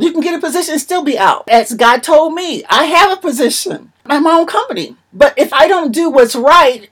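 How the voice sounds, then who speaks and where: A woman's voice: high voice, fairly bright tone. A woman preaching a sermon in an emphatic, repetitive manner.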